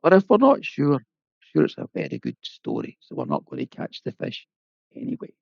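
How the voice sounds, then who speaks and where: A calm, patient local man voiced by a male storyteller talks in a gravelly, lilting voice with a Scottish accent. The sound is dull and dry, close to the mic. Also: mid-range voice, moderate pace, no room sound, heavily acted.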